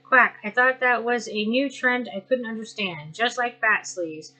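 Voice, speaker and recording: A woman voicing a blunt, snarky duck who opens her lines with a quack and deadpan retorts. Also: a little high, a little slow. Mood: wry.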